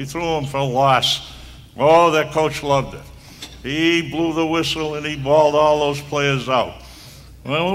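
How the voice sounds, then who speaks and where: A man's voice: a little high, background noise. An older man giving a rambling, anecdotal speech at a hall of fame induction, full of restarts and asides. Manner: rambling storyteller with frequent restarts.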